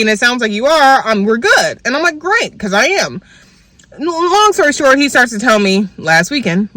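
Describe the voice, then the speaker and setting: A young woman tells a storytime rant straight to her viewers, swearing freely and fired up as she vents. Her voice is bright and forceful. The sound is close and dry, with no room in it. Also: fairly high pitch, no echo. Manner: animated, profane, venting. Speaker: vlogger.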